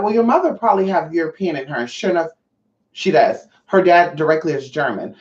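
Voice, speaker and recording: A woman with a low, expressive voice and a quick pace reads chat aloud on her casual livestream, swearing freely and calling viewers honey in a brassy manner. The recording is lo-fi, dull, roomy, and distant.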